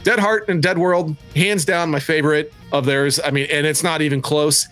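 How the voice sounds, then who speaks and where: Casting: male podcast co-host, slightly high voice, cussing enthusiast, faint music under. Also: fairly even intonation, a bit bright. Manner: profane, enthusiastic, quick to laugh. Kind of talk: casual chat.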